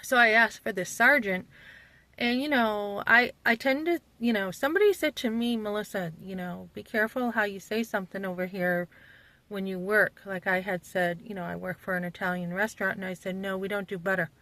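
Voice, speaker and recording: A woman's voice: medium pitch, brisk, bright, forceful tone, dry recording, poor audio. Middle-aged new england woman in her van, blunt, rambly, lots of ums, phone vlog. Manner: blunt, rambling retelling with fillers. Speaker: vlogger. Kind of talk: casual vlog talk. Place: parked van.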